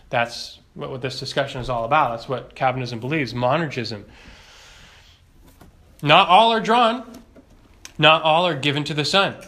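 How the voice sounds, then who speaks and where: A man's voice: on the high side, sharp tone. A man teaching a doctrinal Bible lesson, emphatic, asking rhetorical questions and repeating key phrases.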